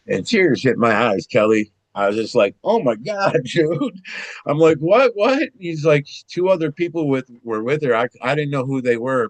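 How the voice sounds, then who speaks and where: A man telling personal stories in a casual conversation, rambling and animated, with frequent restarts and some swearing. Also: deep voice, no room sound. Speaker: guest.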